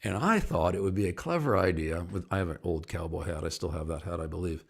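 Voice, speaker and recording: A middle-aged man who sings and campaigns as an activist chats on his live stream, telling meandering stories, laughing softly, and calling out viewers by name. He speaks fast in a low voice with a breathy edge.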